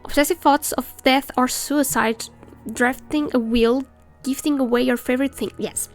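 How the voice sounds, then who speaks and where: A woman streamer with a slightly high, gravelly voice, chatting and ranting as she plays. She reads the game's lines aloud between asides. Faint game music runs behind her. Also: fairly even intonation, normal speed. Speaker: let's play streamer. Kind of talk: casual game commentary.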